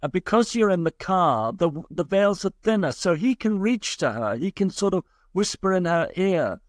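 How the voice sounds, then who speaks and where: A man's voice: sits high, expressive, normal speed, no room sound, studio quality. A man, a guest scientist, explaining ideas in long, reassuring, flowing sentences. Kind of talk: explanatory podcast interview.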